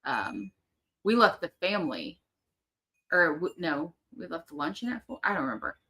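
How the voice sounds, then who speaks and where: A young woman with a slightly low voice chats on a livestream. She speaks hesitantly and fills her pauses with ums and likes. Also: very animated, bright, forceful tone. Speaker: livestream co-host. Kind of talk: casual livestream chat.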